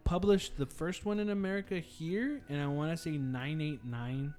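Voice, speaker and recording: A man's voice: on the high side, moderate pace, darkish tone, soft background music. A man hosting a podcast, chatting loosely with friends and swearing often. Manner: loose, swearing, laughing banter. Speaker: podcast host. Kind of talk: casual podcast chat.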